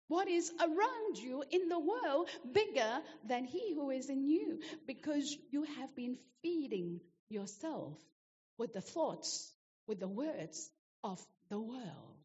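A woman's voice: high voice, a little mellow, in a large hall, highs cut off. A woman preacher delivering a sermon, emphatic and repetitive, asking the congregation rhetorical questions.

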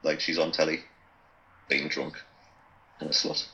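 A man's voice: extremely low pitch, level tone, unhurried, gravelly, sharp tone, muffled recording. A man with a Geordie accent from Newcastle, chatting casually and bluntly, swearing freely. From Newcastle, England. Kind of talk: casual chat.

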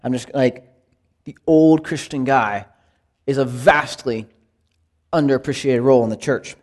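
In a mid-range voice and at a slightly slow pace, a man teaches Bible study with the feel of a conversational sermon. He's earnest and emphatic, and his delivery rises with energy on scripture quotations.

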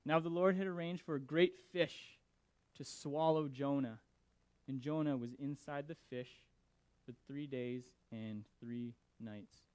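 A man preaching who reads scripture and comments on it in an animated, emphatic way, often repeating his words. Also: mid-range voice, takes it slowly, smooth, no room sound. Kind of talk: scripture reading and sermon commentary.

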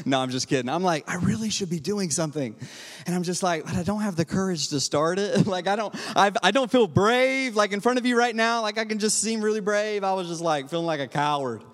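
High-voiced pastor preaching in an echoing hall. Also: male voice, fairly quick. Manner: energetic and humorous, swings from quiet asides to loud exhortation. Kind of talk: sermon with personal storytelling. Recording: long hall reverb.

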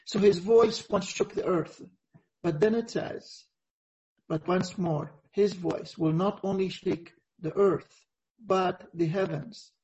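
Male preacher, high-pitched, earnest and halting, dull lo-fi video-call sound. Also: steady tone, background noise. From Egypt. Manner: earnest, reflective, halting with frequent pauses. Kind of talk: sermon over a video call.

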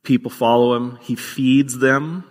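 A man's voice: medium pitch, steady tone, unhurried, big-room sound. A man preaching a sermon as pastor, earnest and conversational, with occasional fillers.

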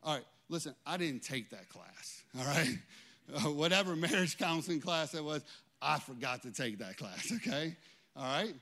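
A man preaching a sermon as pastor in a church, emphatic and animated, often checking in with "okay?". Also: on the high side, normal speed.

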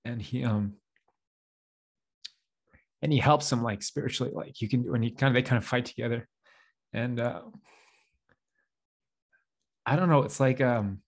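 With a medium-pitched voice, a slightly slow delivery, and long pauses, a young man co-hosts a podcast. His chat is casual and rambling, packed with fillers, frequent little laughs, and self-deprecation.

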